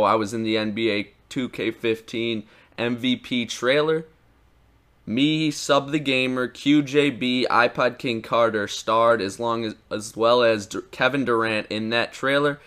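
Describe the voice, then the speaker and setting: Excited teenage boy telling a story. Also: medium pitch. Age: teens. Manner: excited, rambling retelling with many likes and restarts. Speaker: YouTuber. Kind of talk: casual storytelling vlog.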